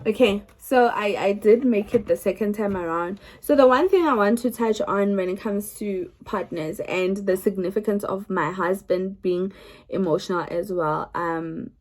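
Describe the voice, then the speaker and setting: A woman's voice: mid-range voice, normal speed, a little mellow. A young South African woman telling her own story to the camera in a chatty way, often restarting her sentences. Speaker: vlogger.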